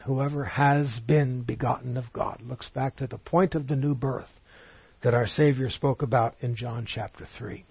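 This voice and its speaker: A man giving an expository Bible teaching in a measured, explanatory way, reading scripture aloud as he goes. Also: mid-range voice, gravelly, slightly rough, dry recording, muffled recording.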